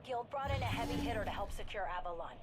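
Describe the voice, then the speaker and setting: A woman's voice: on the high side, animated, quick pace, noisy background, natural voice. An actress voicing a terse female mission commander in a video game, giving curt, urgent orders.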